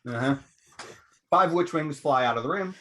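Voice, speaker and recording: A man narrating as game master of a tabletop game in a measured way, often pausing with fillers. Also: a little high, a bit bright, slight background noise.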